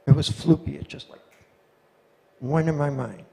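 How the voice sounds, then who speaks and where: A man answering audience questions in a lecture, telling anecdotes in a lively way and acting out the voices he quotes. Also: a little high, moderate pace, creaky. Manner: animated storyteller, acts out quoted voices. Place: lecture hall. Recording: long reverb of a lecture hall.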